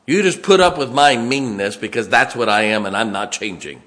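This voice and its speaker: A man preaching a sermon in a church, emphatic, swinging from loud to hushed. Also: medium pitch, moderate pace.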